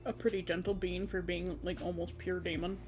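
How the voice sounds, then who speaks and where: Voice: mid-range voice, brisk. Rambling streamer recapping a game. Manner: rambling, animated storytelling that slips into quoted character voices. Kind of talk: casual chat recapping a tabletop game.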